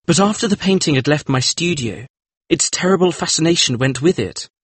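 A man's voice: fairly high pitch, animated, fairly quick, breathy edge, dry recording. An actor playing an earnest, troubled male painter in a dramatized audiobook, speaking in a pleading, sincere way. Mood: confessional. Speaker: painter character.

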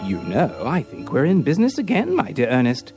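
A man acts out a keen Victorian gentleman sleuth in an audiobook drama, talking in animated upper-class banter. His pitch swoops widely from high to low, with soft music playing quietly underneath. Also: fairly quick. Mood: eager. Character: brisk Victorian gentleman detective, eager and sharp.

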